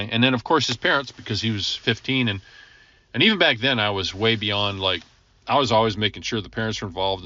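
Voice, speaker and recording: A man's voice: lowish voice, sharp tone, muffled recording. A man, a ministry coach, telling a personal conversion story in an earnest, chatty teaching style with frequent chuckles and asides to the listener.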